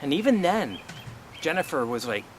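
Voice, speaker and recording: A man's voice: a little high, sing-song, moderate pace, background noise. A middle-aged man telling a personal family story in a blunt, aggrieved way, swearing often and asking rhetorical questions. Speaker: vlogger.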